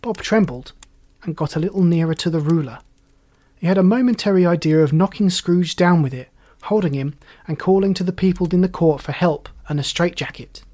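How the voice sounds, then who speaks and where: Male narrator, storybook reading, expressive, measured, a bit higher pitched than usual.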